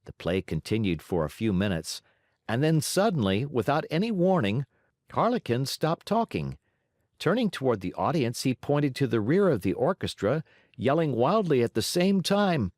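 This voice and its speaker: A man narrating a classic children's story as an audiobook, in an expressive, varied delivery. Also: medium pitch, moderate pace, no echo, studio quality.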